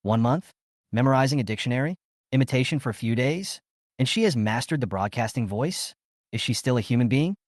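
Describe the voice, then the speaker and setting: A man reading a story recap as scripted narration, in a lively storytelling way. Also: medium pitch, a little fast, dry recording, clean studio sound.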